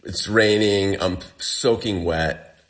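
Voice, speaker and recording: A man's voice: low voice, takes it slowly, fairly bright tone. A man telling a story in a casual way. He acts out the dialogue and says "like" a lot. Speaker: interview guest.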